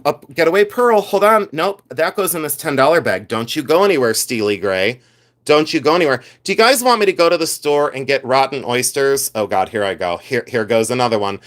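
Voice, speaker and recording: A man's voice: medium pitch, fairly bright tone. A man hosting a live stream, talking in a chatty, sassy way and putting rhetorical questions straight to his viewers. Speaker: livestream host sorting gemstones. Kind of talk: casual live-stream chat. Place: home room, on camera with a livestream.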